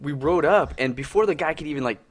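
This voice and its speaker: A man's voice: fairly high pitch, fast. Rambling young man telling stories. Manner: rambling storyteller, heavy filler words, acts out quotes. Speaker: podcast co-host. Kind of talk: casual chat.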